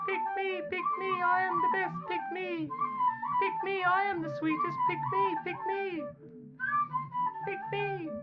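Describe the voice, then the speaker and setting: A man voicing a chorus of tiny talking strawberries, squeaky and pleading over loud guitar music. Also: level tone, unhurried. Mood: wheedling. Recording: dull recording under loud guitar music.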